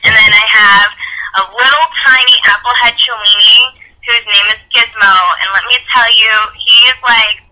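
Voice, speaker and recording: A woman's voice: on the high side, steady tone, normal speed, sharp tone, poor audio. A woman guest on an interview show, chatting casually and laughing often at herself. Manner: chatty, giggly, self-deprecating. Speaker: guest, actress and singer.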